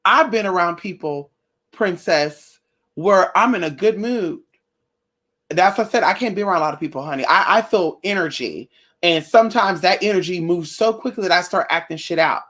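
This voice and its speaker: A young woman vlogging in a casual chat with her viewers, blunt and profane, telling animated stories. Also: on the low side, moderate pace. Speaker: spiritual vlogger.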